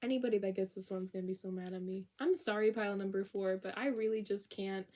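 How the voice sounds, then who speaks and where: A woman's voice: medium pitch, fairly even intonation, fast talker, dark tone. A young woman giving a casual tarot reading, candid and exasperated, laughing often and swearing freely. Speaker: tarot reader.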